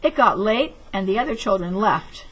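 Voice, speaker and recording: A woman teacher reads a children's story aloud and then walks young pupils through a craft project. She speaks in a clear, measured, patient way. Her voice is mid-pitched with a soft, husky quality. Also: expressive, low-quality recording. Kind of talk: reading a picture book aloud, then giving craft instructions.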